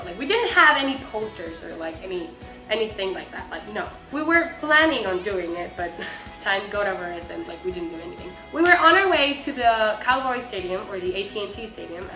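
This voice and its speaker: A young woman from Mexico, excitedly telling a story as a vlogger, with lots of filler words. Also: medium pitch. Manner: excitable, gushing, many fillers. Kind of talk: casual storytelling. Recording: echoey room with faint music.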